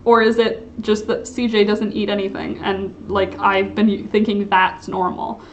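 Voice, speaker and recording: A young woman with a mid-range, fairly flat voice speaks a little slowly, with a bit of hiss or hum in the recording. She hosts a casual livestream, chatting and reading chat comments in a rambling way full of "like" and "um".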